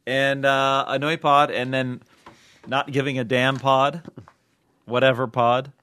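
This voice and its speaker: A man's voice: mid-range voice, flat delivery, slow, sharp tone, smooth, no room sound. A man co-hosting a comedy podcast, chatting in a loose, rambling way and laughing often. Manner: giggly, rambling banter with frequent laughs. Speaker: podcast co-host. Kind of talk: casual comedic chat.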